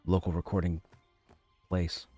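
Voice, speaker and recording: A man's voice: sits low, monotone, unhurried, dark tone, faint music behind. A man streaming a game from home, chatting casually and rambling, often repeating his phrases. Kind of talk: casual chat.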